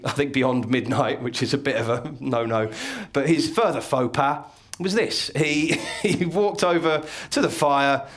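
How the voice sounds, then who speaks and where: A man's voice: on the high side, fairly bright tone. A man giving a stand-up comedy lecture to a live audience, telling stories in a dry, wry way and chuckling at his own lines.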